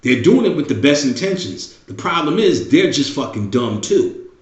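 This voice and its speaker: A man's voice: on the high side, big pitch swings, moderate pace. A middle-aged man hosting a show, talking in a blunt casual monologue with heavy swearing and repeated phrases. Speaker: show host. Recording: roomy, dull lo-fi recording.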